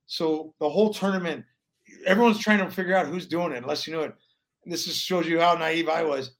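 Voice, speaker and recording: High-pitched guy in his 40s, rambling hockey stories, lots of restarts. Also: a little fast. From Alaska. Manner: rambling, animated, full of restarts and laughs. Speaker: guest, former pro hockey player. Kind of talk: casual storytelling interview.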